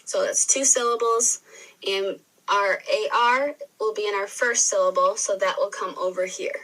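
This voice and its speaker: A woman teacher giving a recorded spelling lesson, sounding words out slowly and clearly syllable by syllable. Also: mid-range voice, fairly even intonation, bright, forceful tone. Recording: re-filmed video playback, distant sound.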